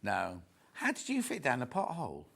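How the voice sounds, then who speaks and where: A man's voice: mid-range voice, wildly swooping pitch, moderate pace, gravelly, a bit bright, husky. An English man presenting a live shopping show, chatting jokily, reading out viewer messages and showing fabrics. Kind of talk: live home shopping chat. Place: TV studio.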